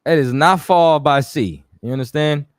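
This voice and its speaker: A man hosting a radio stream, chatting loosely and giving shout-outs to viewers. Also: on the high side, normal speed, no room sound, studio quality. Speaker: radio show host. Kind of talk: casual live-stream talk.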